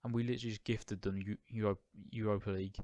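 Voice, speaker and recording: A man's voice: fairly low pitch, flat delivery, fast, a little mellow, dry recording. A young man ranting angrily about a match, swearing and stumbling over restarts. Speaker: football fan vlogger. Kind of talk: angry post-match rant.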